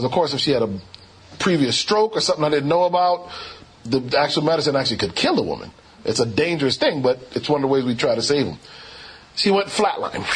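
A male preacher telling a story from his work as a doctor, his voice pitched high with a husky edge. He acts out each exchange as he tells it, then turns it into a sermon lesson. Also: poor audio. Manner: animated storyteller, acts out quoted dialogue. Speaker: preacher and physician.

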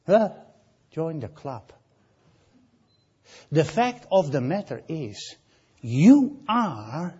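Emphatic preacher with a husky, lively voice. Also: male voice, a little high, lo-fi sound. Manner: emphatic, repeats key phrases, asks the congregation questions; drops to a near hush on key lines, rises loud on others. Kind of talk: sermon.

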